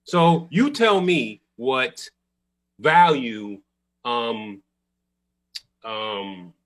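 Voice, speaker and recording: A man's voice: medium pitch, drawn-out words, a bit bright. A man on a casual sports talk show, blunt and emphatic, punctuating points with "okay". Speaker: podcast co-host.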